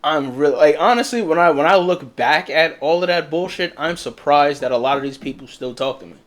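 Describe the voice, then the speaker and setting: A young man co-hosting a casual podcast, telling a personal story in a blunt, profane, animated way. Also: a little high, fairly quick. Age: young adult. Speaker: podcast co-host. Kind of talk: casual candid chat.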